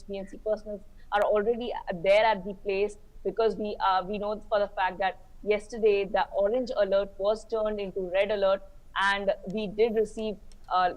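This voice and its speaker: A woman's voice: medium pitch, poor audio. A woman field reporter giving a live update, hesitant with many fillers.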